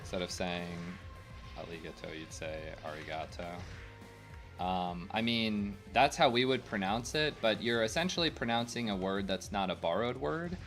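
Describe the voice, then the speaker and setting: A man's voice: fairly low pitch, lively intonation, moderate pace, few pauses, a bit bright. A young man streaming a game, chatting casually to his viewers, rambling and opinionated with lots of fillers. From United States. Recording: faint game music behind.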